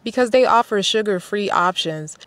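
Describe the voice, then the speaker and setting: Brief: woman vlogger, blunt exasperated rant full of swearing, mid-pitched voice, close and dry. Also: lively intonation, moderate pace, a bit bright, no room sound. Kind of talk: casual commentary rant.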